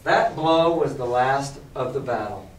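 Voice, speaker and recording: A male teacher reading a novel aloud to a class and explaining it in a lively, emphatic way. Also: medium pitch, measured pace. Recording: echoey classroom from far off.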